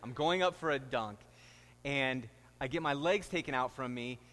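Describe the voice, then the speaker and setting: A man's voice: medium pitch, normal speed, fairly bright tone, big-room sound. A middle-aged man, a pastor, preaching a sermon and telling stories with rising, emphatic delivery. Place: church sanctuary.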